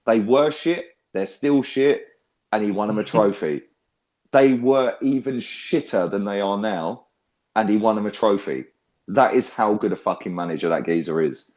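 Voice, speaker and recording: A young man, ranting loudly and swearing hard in a casual fan chat he hosts. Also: lowish voice, normal speed. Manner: loud, sweary, animated ranting. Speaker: fan channel host.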